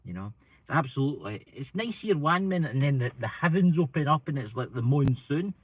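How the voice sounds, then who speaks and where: On a paranormal live stream, a man from Scotland chats fairly quickly and animatedly in a medium pitch, rambling and putting himself down, his nose a bit blocked by hay fever. The audio from his computer mic is tinny and dry, like a phone.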